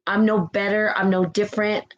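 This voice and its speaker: A woman's voice: medium pitch, level tone, a little fast, lo-fi sound. A woman hosting a spiritual live stream, giving a fervent, emotional motivational talk. She is close to tears and keeps asking "right?" as she goes. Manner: fervent and emotional, repeats phrases, asks "right?". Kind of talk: impassioned motivational talk, reading viewer comments.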